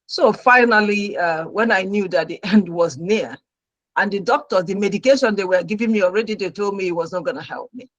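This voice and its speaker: A middle-aged woman, a registered nurse, telling her own story as a talk show guest with lively, dramatic delivery. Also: mid-range voice, a little fast, no echo, lo-fi sound. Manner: animated storyteller who acts out her own past reactions.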